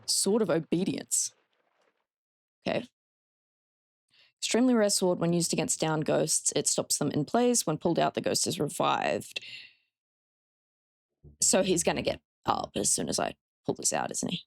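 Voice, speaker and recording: A woman's voice: sits low, big pitch swings, normal speed, creaky, pauses often, no echo, clean studio sound. An Australian woman streaming a horror game, chatting with her viewers and swearing freely. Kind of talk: casual live-stream gameplay commentary.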